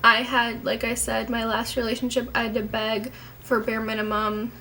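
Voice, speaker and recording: A woman's voice: fairly high pitch, completely flat delivery, moderate pace, sharp tone, a little hiss or hum, poor audio. A young woman chatting casually to her camera at home as a vlogger, rambling and candid, swearing now and then.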